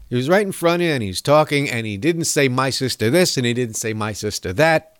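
A man's voice: on the high side, no echo, studio quality. A man hosting his own show, giving rambling, sarcastic political commentary with the odd chuckle. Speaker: podcast host.

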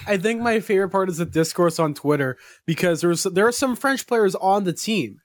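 High-voiced man in animated sports chat. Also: fairly quick, dry recording, clean studio sound. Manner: animated, profane storytelling. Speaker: podcast co-host.

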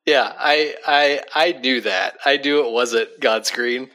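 A man co-hosting a podcast in casual chat, with a deadpan tone. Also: medium pitch, slow pace. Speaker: podcast co-host. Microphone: remote call.

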